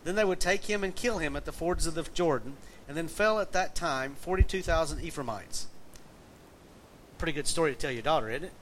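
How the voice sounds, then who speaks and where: A man's voice: fairly high pitch, a little fast, a bit bright, low-quality recording. A middle-aged man with a Southern accent preaching a conversational sermon, telling a folksy family story and reading scripture aloud. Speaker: pastor. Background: faint air conditioner hum.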